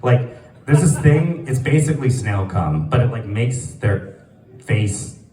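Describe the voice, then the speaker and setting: A man's voice: mid-range voice, animated, measured pace, warm tone, a little hiss or hum. A man doing a live stand-up set in a small venue, rambling with lots of fillers and laughing at his own jokes. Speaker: stand-up comedian. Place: small comedy venue, sparse audience. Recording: echoey room, mic from a distance.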